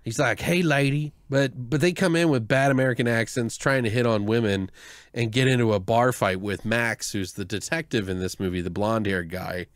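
A man's voice: mid-range voice, fairly quick, dry recording, clean studio sound. A man co-hosting a podcast, reviewing a movie in casual chat. He rambles, swears, laughs often and mimics the characters. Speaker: podcast co-host.

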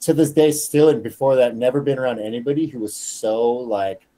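A man telling stories on a casual podcast, profane and animated, acting out the quotes in them. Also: mid-range voice, fairly quick. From Colorado. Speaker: guest fighter.

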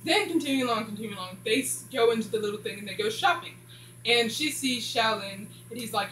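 A woman's voice: fairly high pitch, fast talker, a bit bright. A woman casually recapping a TV series, rambling and filling gaps with "blah blah.". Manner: rambling, says "blah blah" a lot. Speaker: show reviewer. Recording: echoey room with faint hum.

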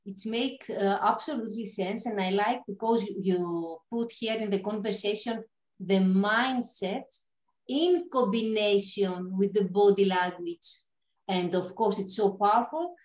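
A woman hosting an interview, agreeing warmly with her guest and asking questions in slightly non-native phrasing. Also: medium pitch, measured pace, echoey room, rough recording. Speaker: interview host. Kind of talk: conversational interview.

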